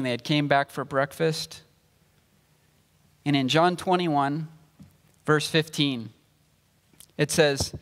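A pastor preaching a sermon, explaining scripture and reading verses aloud in a measured way. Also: male voice, a little high, a bit bright, in a large hall. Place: church sanctuary.

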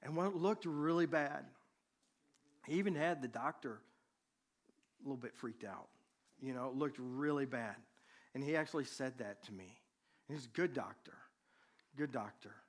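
A man preaching, a pastor telling a personal story to his congregation in a conversational, animated way. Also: medium pitch, normal speed, long pauses.

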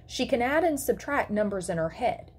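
A woman's voice: fairly high pitch, sing-song, moderate pace, slight background noise, voice pushed up. Woman voicing a fierce, protective mother. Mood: tense. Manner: firm, controlled, sharp.

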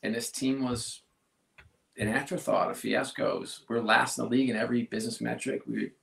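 A man being interviewed as a sports executive, speaking earnestly and haltingly with many restarts. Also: mid-range voice, fairly even intonation, vocal fry, a bit bright. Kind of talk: casual interview talk. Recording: roomy echo.

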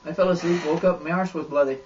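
A man putting on a crude, boastful Irishman who rambles on in a thick put-on Irish accent and a deadpan tone. The voice sits a little higher than an average man's, over dull, lo-fi audio with faint noise. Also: fast, lightly acted. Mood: deadpan rambling. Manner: rambling absurd deadpan monologue.

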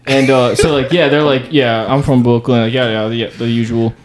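A man's voice: medium pitch, normal speed, slight background noise. A young man, a podcast co-host, telling a story in casual chat and saying "dude" a lot. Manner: animated storyteller, slangy, says "dude" a lot.

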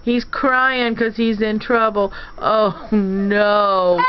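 A woman's voice: mid-range voice, steady tone, takes it slowly, hardly any pauses. Woman mock-scolding kids on home video. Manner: mock-scolding, teasing, sing-song. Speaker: family member filming children at play. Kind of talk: playful home video chat. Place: room in a family home. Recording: muffled home video with background noise.

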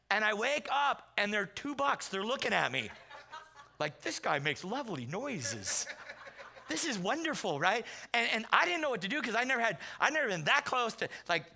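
Animated high-voiced man telling funny stories. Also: gravelly, a little hiss or hum. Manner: animated, comic storytelling with acted-out quotes. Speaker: guest pastor. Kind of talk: storytelling sermon. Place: church sanctuary.

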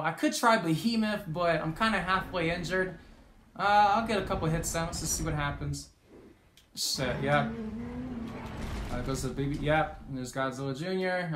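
Casual gaming commentator, mid-pitched, excitable and foul-mouthed, echoey room recording. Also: a little hiss or hum. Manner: excitable, swears often, shouts at big moments.

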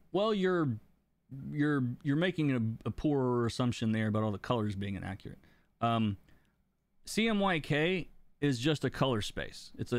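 A man teaching coloring on a live stream, explaining his ideas in a relaxed way, chuckling now and then and answering questions from chat. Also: mid-range voice, dry recording. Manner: relaxed, explanatory, laughs between points. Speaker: comic book colorist and teacher. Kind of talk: live-stream art lesson, reading chat.

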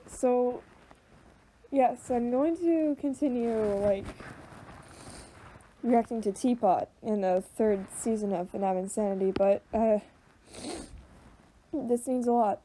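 A young woman giving emotional reaction commentary, choked up and halting, with many fillers and restarts. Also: fairly high pitch, mellow, a little hiss or hum, low-quality recording. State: choked up, voice tearful. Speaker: video reactor.

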